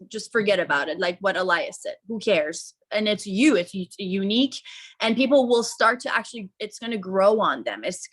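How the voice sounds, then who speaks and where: A woman's voice: mid-range voice, fairly bright tone. Chatty woman giving advice on a call. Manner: chatty with many fillers. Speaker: team member. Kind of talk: casual advice on a video call.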